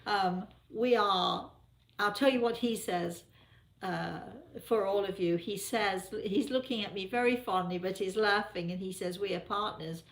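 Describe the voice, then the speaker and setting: A chatty English woman hosting a relaxed live chat, quick to laugh between answers. Her voice sits at an ordinary middle pitch and rings in a noticeably echoey room. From England. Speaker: host.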